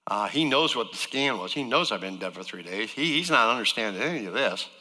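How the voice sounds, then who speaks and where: Bright-voiced man telling a story. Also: mid-range voice, lively intonation, fairly quick, big-room sound. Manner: folksy, joking storytelling. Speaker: guest speaker. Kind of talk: personal testimony to a congregation.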